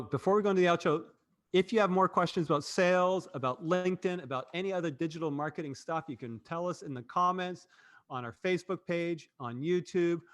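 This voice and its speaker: A man's voice: on the high side, fairly bright tone. A man hosting a casual marketing livestream, rambling and cutting himself off, laughing easily. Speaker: host and agency president.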